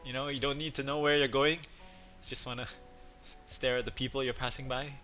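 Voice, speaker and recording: A man with a bright, forceful voice teaching a relaxed online class, chatty and rambling, cracking puns along the way. Faint music plays softly behind him. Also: medium pitch, a little fast. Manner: chatty, rambling, punny asides. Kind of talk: casual online lesson.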